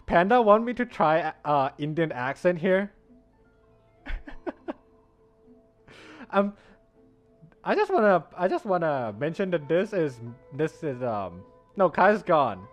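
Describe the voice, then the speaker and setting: A man's voice: on the high side, big pitch swings, slow pace, pauses often. A man streaming a game, chatting casually with viewers and laughing often. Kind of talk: casual live-stream chat. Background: faint lofi background music.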